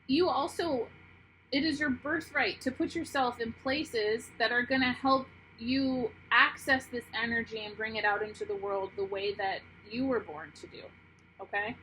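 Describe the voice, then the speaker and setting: A woman doing an intuitive tarot reading to camera, earnest and heartfelt, often pausing and restarting. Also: on the high side, fairly even intonation, pushed and bright, slight background noise, low-quality recording. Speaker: tarot reader.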